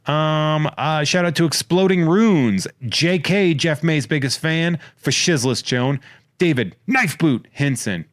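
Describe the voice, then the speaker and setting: A man hosting a podcast in casual comedic chat, rattling off wry, crude shout-outs and jokes. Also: on the high side, measured pace, dry recording, clean studio sound. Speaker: podcast host.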